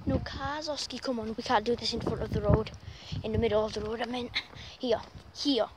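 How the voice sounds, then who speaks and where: A woman's voice: a little high, fairly even intonation, a little fast. Exasperated young woman coaxing her dog outdoors. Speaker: vlogger. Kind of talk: casual vlog while walking a dog. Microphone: handheld camera. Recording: loud outdoor noise on camera mic.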